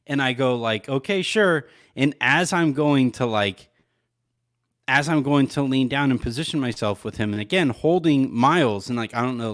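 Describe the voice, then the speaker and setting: A man's voice: medium pitch, fairly bright tone. Guy co-hosting a podcast, rambly storyteller, says like a lot, laughs a bunch, mid voice. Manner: rambling, lots of "like", laughs often. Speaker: podcast co-host. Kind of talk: casual chat, storytelling.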